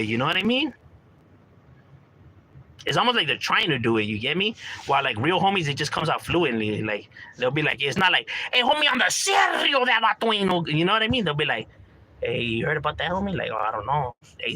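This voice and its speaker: Man, casual street-slang monologue, very bright tone, pitched a bit high. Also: breathy edge, poor audio. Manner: street slang, frequent "bro" and "you know", acts out quoted homies. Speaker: commentator talking about gang culture.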